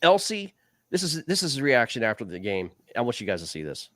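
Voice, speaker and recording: A man's voice: mid-range voice, sing-song, a little fast, a bit bright, no echo, studio quality. A man hosting a fishing league recap show, talking casually and rambling, calling people "man" and "dude". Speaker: show host.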